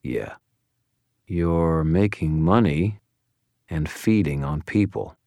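A man's voice: extremely low pitch, slow pace, darkish tone, dry recording, studio quality, heavily acted. A man voicing a wry, blunt young male wizard who presses his questions sardonically. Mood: wry, pressing.

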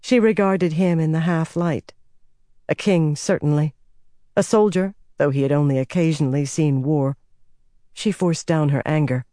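Steady male fantasy narrator, dry booth. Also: fairly high pitch, normal speed, no room sound. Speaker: audiobook narrator.

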